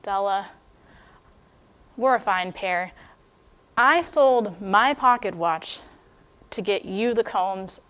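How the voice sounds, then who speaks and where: A woman voicing a flustered young husband who stammers softly and hesitantly while telling a story in a sermon. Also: medium pitch, takes it slowly, long pauses. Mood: tender.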